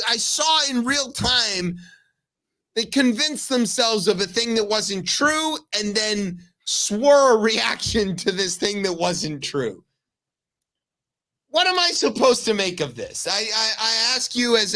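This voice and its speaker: A man hosting a comedic news talk show, telling stories excitedly with many restarts. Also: high-pitched, measured pace. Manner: excited storytelling full of restarts. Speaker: radio show host.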